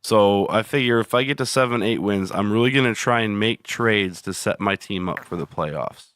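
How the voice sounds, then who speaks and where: A man's voice: on the low side, moderate pace, a bit bright, no echo, clean studio sound. A man co-hosting a podcast, chatting casually about fantasy football and baseball, rambling and swearing freely with easy laughs. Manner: rambling, profane, laughs easily. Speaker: podcast co-host. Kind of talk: casual chat.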